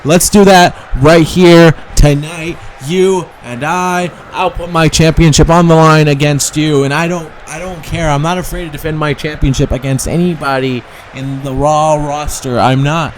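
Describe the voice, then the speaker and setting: A man's voice: on the high side, steady tone, normal speed, hardly any pauses, slight background noise, close to an everyday voice. A man voicing a blunt, fearless woman wrestling champion accepting a title challenge. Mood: defiant.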